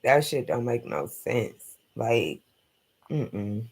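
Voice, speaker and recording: A man's voice: medium pitch, very animated, very slow, darkish tone, breathy edge. A man hosting a casual late-night live stream, rambling bluntly and profanely through his opinions.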